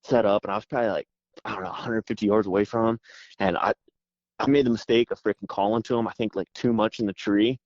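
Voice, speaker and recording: A man guest telling a story with excited energy, rambling fast and saying "dude" constantly, calling in by phone. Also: on the low side, no room sound. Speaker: podcast guest. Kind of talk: animated storytelling. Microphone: phone call. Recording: dull phone line.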